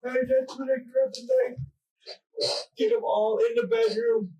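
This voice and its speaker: A man confessing under police interrogation, halting and distressed, stammering through restarts. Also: very high voice, flat delivery, warm tone, highs cut off. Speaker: murder suspect under interrogation. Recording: distant mic in interrogation room.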